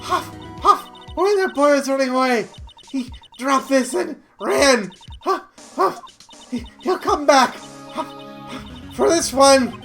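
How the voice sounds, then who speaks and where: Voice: sits high, lively intonation, slow, fairly bright tone, soft background music, pitched above the performer's own voice, exaggerated voice. A streamer voicing a cranky old woman security guard who huffs and puffs between her words. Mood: agitated. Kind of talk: reading game dialogue aloud on stream.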